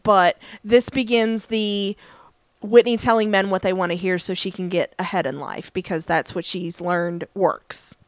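A woman's voice: medium pitch, steady tone, measured pace, no echo. Chatty woman recapping an episode. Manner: chatty, many fillers, acts out quotes. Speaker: podcast co-host. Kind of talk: casual chat recapping a TV episode.

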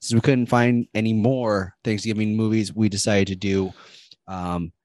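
A man's voice: lowish voice, steady tone, normal speed, darkish tone, dry recording. Rambling podcast co-host man. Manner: rambling, filler-heavy, laughs often. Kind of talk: casual movie-podcast chat.

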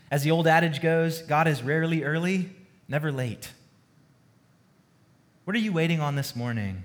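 A man preaching a sermon as pastor, earnest and storytelling, moving between hushed and emphatic delivery. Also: a little high, normal speed, pauses often.

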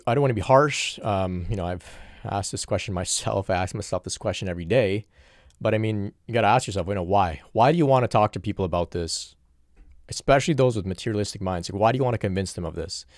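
A man's voice: fairly low pitch, a little mellow, dry recording, clean studio sound. A man in an earnest, reflective solo question-and-answer talk, working through spiritual questions from viewers.

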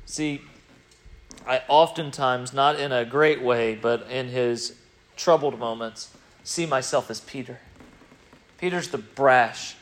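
A man preaching a sermon in an animated way, swinging between loud emphasis and quiet, reflective stretches. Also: medium pitch, slow pace, long pauses.

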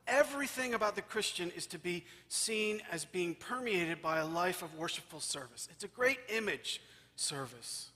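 A man's voice: high-pitched, animated, normal speed, sharp tone. A man, a priest, preaching a sermon in a church. He is emphatic and repeats phrases for rhythm. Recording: long church reverb.

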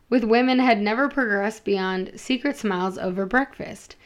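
A woman reading a romance story aloud, amused, with small slips and restarts as she goes. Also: fairly high pitch. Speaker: story reader and co-host.

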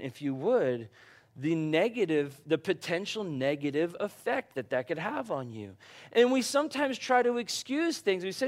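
A middle-aged man preaching a conversational sermon, growing animated as he tells personal stories. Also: on the high side, moderate pace. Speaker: pastor.

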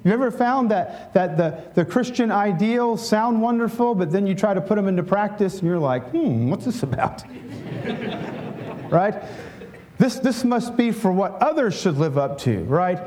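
A man's voice: high voice, expressive, moderate pace, darkish tone. A middle-aged male pastor giving a conversational sermon, often checking in with "right?" and leading a prayer.

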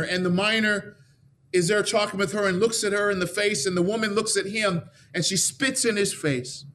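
A man preaching a sermon, telling a story earnestly and slowing down for emphasis before rising into fervent declarations. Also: high-pitched, a bit bright.

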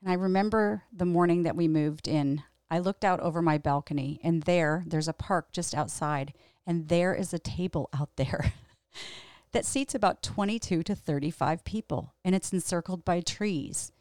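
A woman's voice: on the low side, moderate pace, darkish tone, no room sound, studio quality. A middle-aged woman, a host and pastor, telling a personal story in a reflective, candid way with emphatic repetition.

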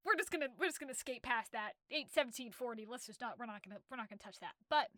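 A woman talking casually about a book she has read, retelling its story in an animated way with many fillers and restarts. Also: fairly high pitch, fast talker, no echo, studio quality. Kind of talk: casual literary discussion.

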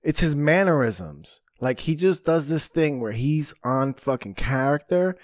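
A man hosting a podcast, telling stories in casual chat, animated and full of swearing. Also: on the high side, a little slow, dry recording, clean studio sound. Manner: profane, animated storyteller. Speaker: podcast host.

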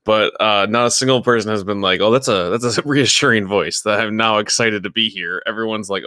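A young man hosts a casual podcast from a remote call, rambling and laughing as he jokes with a friend. His voice is bright and forceful, recorded dry and close with no room sound. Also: fairly low pitch, brisk, hardly any pauses, no room sound. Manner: joking, rambling, laughs often. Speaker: podcast host. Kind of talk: casual chat. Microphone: remote call over Discord.

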